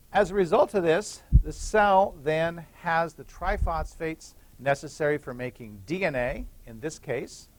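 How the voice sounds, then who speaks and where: A middle-aged man giving a classroom lecture, explaining step by step, repeating key points and checking in with "okay?". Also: mid-range voice. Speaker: university biochemistry lecturer. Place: lecture hall.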